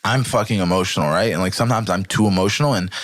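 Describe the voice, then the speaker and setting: A man in casual podcast talk, telling his story with animated energy and swearing freely. His voice sits a little low and sounds close and dry, with no room around it. He keeps slipping into livelier voices to act out what people said. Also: rapid-fire, no room sound. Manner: acts out quoted speech in a livelier voice. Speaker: podcast guest, jiu-jitsu athlete.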